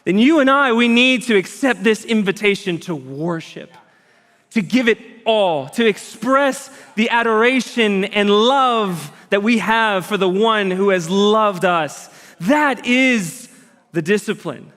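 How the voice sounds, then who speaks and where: A man preaching a sermon as a pastor, earnest and conversational, with lively emphasis. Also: sits high, slow pace. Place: church auditorium. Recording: long hall reverb.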